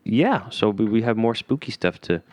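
A man's voice: lowish voice, expressive, normal speed, darkish tone, dry recording. A man co-hosting a casual home-recorded podcast, joking and playful. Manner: playful, jokey. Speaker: podcast co-host. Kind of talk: casual chat.

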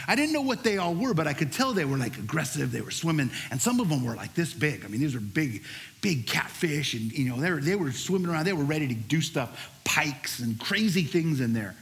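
A middle-aged male pastor preaching a sermon, telling a lively personal story before moving into scripture. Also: a little high, fairly quick. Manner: animated storyteller, shouts during the story's peaks.

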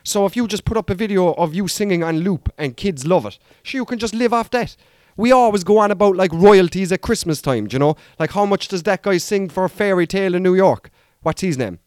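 An Irish man riffs through a casual comic monologue, rambling and poking fun at himself. His voice sits a touch high for a man. The sound is dry and close to the mic. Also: expressive, a little fast, darkish tone, smooth, dry recording. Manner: rambling, self-mocking, chatty asides. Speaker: podcast host.

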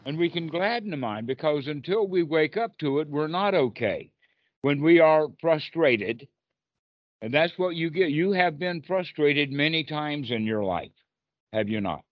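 A man's voice: fairly high pitch, lively intonation, measured pace, dry recording. Playful man coaching over a dull call. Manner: playful and encouraging, acting out inner dialogue. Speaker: Buddhist meditation teacher. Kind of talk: guiding a participant on a group video call. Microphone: video call.

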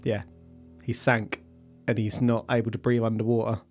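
A man's voice: fairly low pitch, flat delivery, moderate pace, a little mellow, soft background music. A man telling a sea story to his co-host in a casual, wry way, with playful asides and laughs.

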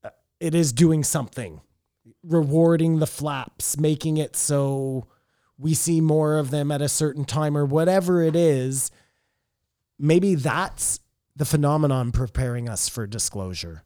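Man, podcast co-host, rambling casual chat, mellow tone, dry room. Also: on the high side, a little slow, no echo. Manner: rambling, trails off and restarts mid-thought.

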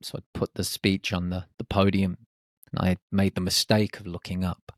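A man in his forties from the UK, a podcast host telling a reflective personal story and acting out his nervous inner voice in hushed tones. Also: deep voice, flat delivery, normal speed, dry recording, studio quality. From United Kingdom.

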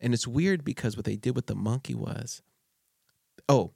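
A man's voice: mid-range voice, normal speed, creaky, a little mellow, breathy edge, no echo, studio quality. A man hosting a podcast interview, telling rambling stories with many fillers and frequent laughs. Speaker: podcast host. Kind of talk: casual conversational interview.

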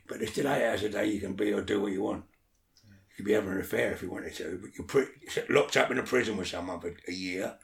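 A man's voice: fairly low pitch, gravelly, fairly bright tone, roomy sound. A man talking as an interview guest in casual chat, blunt and swearing a lot, often checking that the listener follows.

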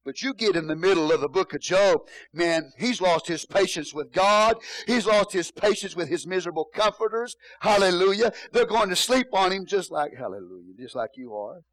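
A man's voice: high-pitched, animated, moderate pace, hardly any pauses, a bit bright, dry recording, low-quality recording. A male pastor preaching a sermon in a church, repeating phrases and calling out hallelujah.

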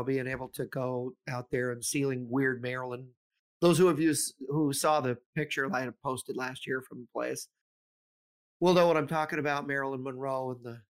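A middle-aged man chatting casually as a podcast co-host. His talk rambles, full of fillers, restarts and asides. His voice sits at an ordinary middle pitch. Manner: rambling, many ums and restarts, laughs often. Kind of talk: casual chat.

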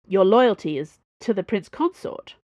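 A woman's voice: medium pitch, lively intonation, unhurried, a little mellow, no room sound, highs cut off, close to an everyday voice. Woman narrator doing a curt, proud male captive; storybook drama, close dry sound. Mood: gruff. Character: gruff captive man, proud and wary.

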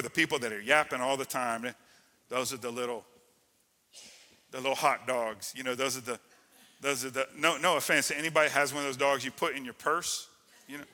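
A man preaching a sermon as pastor, energetic and full of call-and-response to the congregation. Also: medium pitch, big-room sound. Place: church sanctuary.

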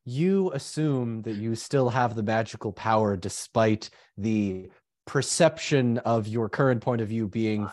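A man running a tabletop game as game master, narrating the scene slowly. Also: lowish voice, a little mellow, no echo, studio quality.

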